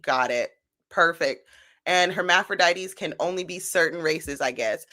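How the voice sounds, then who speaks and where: A woman streamer with a low-set but bright, forward tone. She riffs sarcastically on the clips she plays and shifts between mock outrage and casual chat. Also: unhurried. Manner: sarcastic, mocking, laughing commentary. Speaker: stream host.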